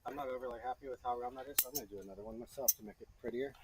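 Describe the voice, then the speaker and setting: A man's voice: medium pitch, fairly even intonation, racing, darkish tone, breathy edge, rough recording. A man teaching a beginner to forge in a blacksmith shop, chatty, joking and encouraging as he works. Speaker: blacksmithing instructor. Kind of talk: hands-on teaching while forging.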